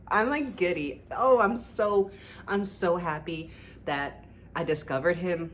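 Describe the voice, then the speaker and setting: Gushing low-voiced woman book vlogger. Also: animated, slow pace, long pauses, slight background noise. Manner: gushing, rambling, many "like"s. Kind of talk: casual book review chat.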